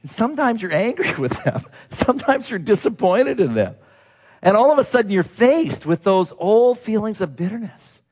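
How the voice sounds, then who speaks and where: Lively, animated male preacher. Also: high-pitched, normal speed, breathy edge. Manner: animated, acts out quoted people, breaks into laughs. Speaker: pastor. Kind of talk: sermon storytelling.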